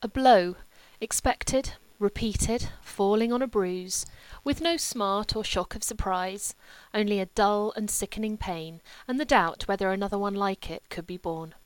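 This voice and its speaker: A woman reading a novel aloud in a measured, clear narration. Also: medium pitch, no room sound. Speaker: audiobook reader. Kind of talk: scripted narration.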